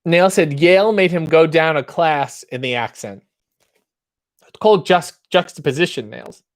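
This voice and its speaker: A man's voice: fairly high pitch, normal speed, no echo. A man hosting a casual livestream, reading bawdy limericks in a mock-theatrical voice and dropping into dry asides while reading chat.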